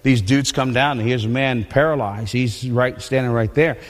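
A man preaching a sermon in a conversational, animated way, often restarting his sentences. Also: mid-range voice, moderate pace, in a large hall. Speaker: pastor. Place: church.

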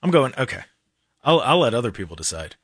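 A man's voice: mid-range voice, very animated, quick pace, fairly bright tone, husky, no echo, studio quality. A man hosting a radio talk show, talking casually and sarcastically with mocking asides. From Ohio.

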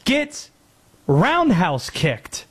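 High-pitched sarcastic sports talk man. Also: wildly swooping pitch, drawn-out words, a bit bright, breathy edge. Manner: sarcastic, mocking rival fans. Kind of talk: casual college football debate.

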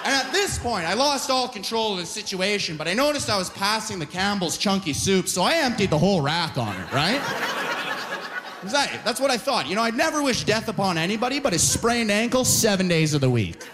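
A man performing a stand-up set on stage, telling stories in an animated way, putting on lots of voices and ending lines with "right?". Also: sits high, fairly quick. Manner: animated storytelling with many voices and frequent "right?" tags. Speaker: stand-up comedian.

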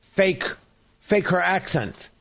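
A man's voice: high voice, expressive, slow pace, creaky, fairly bright tone. A male talk show host giving sarcastic, rambling political commentary. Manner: sarcastic, mocking, rambling with restarts.

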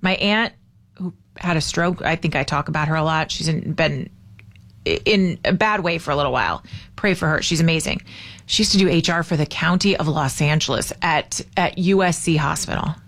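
A woman's voice: sits low, moderate pace, a bit bright. Woman, morning talk radio host, chatty, self-deprecating, easy laugh.

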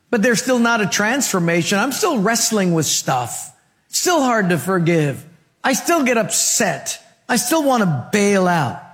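A man's voice: sits high, big-room sound. A man preaching a sermon to a congregation, asking rhetorical questions and telling stories with voiced quotes. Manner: storytelling with voiced quotes and laughter. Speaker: pastor.

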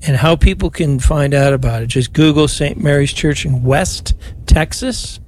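An older man with a somewhat high voice leads a broadcast rosary as a priest. Between prayers he chats warmly with callers and comforts them. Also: normal speed, a little hiss or hum. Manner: warm, chatty, consoling. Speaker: priest leading a call-in rosary.

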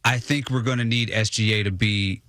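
Male sports talk co-host, relaxed, repetitive phrasing, dry studio. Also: lowish voice, normal speed, no room sound. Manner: laid-back, repeats words, laughs often.

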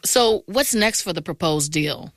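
A woman radio news host giving crisp, composed anchor introductions and questions in a studio. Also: fairly low pitch, animated, a little slow, no echo.

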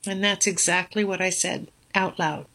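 An older woman, a grandmother, telling a personal story in a halting, emotional way as an interview guest. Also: lowish voice, fairly even intonation, sharp tone.

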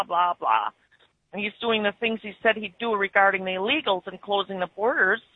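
A woman's voice: mid-range voice, no echo. Chatty Upper Midwest woman calling in. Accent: Upper Midwest American. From born in Germany, raised in Wisconsin. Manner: chatty, rambling, laughs easily. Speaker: caller. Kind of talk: casual call-in chat. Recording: muffled phone-in line.

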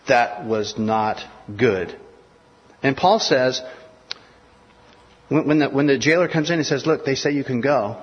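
A man preaching a sermon, walking through the passage verse by verse and slipping into the voices of the people in the story. His voice is slightly husky and carries a long reverb through a large hall. The recording sounds a bit dull. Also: medium pitch. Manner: expository preaching, acting out biblical dialogue. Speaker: pastor.

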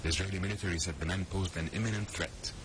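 A male foreign correspondent gives a steady, serious news report. His voice is extremely low. A clear rumble and background noise run under the recording. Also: quick pace.

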